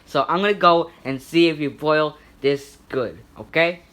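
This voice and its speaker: A woman's voice: sits low, fairly bright tone. A woman voicing a bossy, hot-tempered customer who hires a chef, in a put-on Italian accent, for a homemade comedy skit. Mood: indignant. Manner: blustering, quick to rant and threaten.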